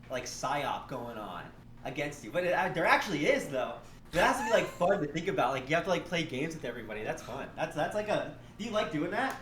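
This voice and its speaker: A man rambling defensively and excitedly in profane casual chat. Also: on the high side, echoey room, a little hiss or hum.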